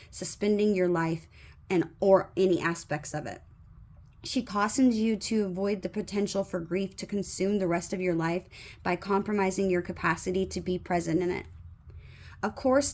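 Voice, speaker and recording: A woman doing a tarot reading, reading the card's guidance aloud in a slow, measured way with soft fillers now and then. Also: medium pitch. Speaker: tarot reader.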